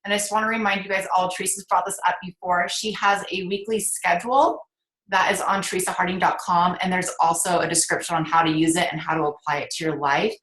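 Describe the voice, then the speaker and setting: An encouraging woman co-host who speaks to listeners in a casual, upbeat way. Her voice sits a little low, and the room gives it an echo. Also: steady tone, fast talker, a bit bright. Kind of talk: casual talk to an audience. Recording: echoey room.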